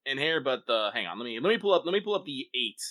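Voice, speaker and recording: A man co-hosting a casual games chat, speaking haltingly with frequent um and uh restarts. His pitch moves widely and his tone is bright. The sound is dry and close. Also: big pitch swings, no room sound. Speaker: podcast co-host.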